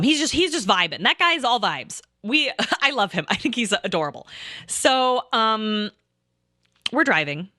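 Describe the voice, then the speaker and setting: A woman's voice: medium pitch, sharp tone, smooth, no room sound, studio quality. A woman streamer telling a casual, rambling story, full of asides and swearing. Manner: rambling, profane, with lots of asides.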